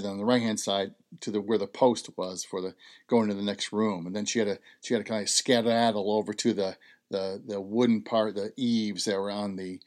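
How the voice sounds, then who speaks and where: A man hosting a health talk, telling a personal story in a conversational way and repeating key phrases for emphasis. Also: fairly low pitch. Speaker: host.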